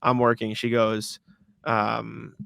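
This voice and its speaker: A man's voice: lowish voice, takes it slowly, gravelly, no room sound. A young man co-hosting a casual sports podcast, telling stories animatedly with plenty of "like" and swearing. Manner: animated storytelling, frequent swearing and filler "like". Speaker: podcast co-host.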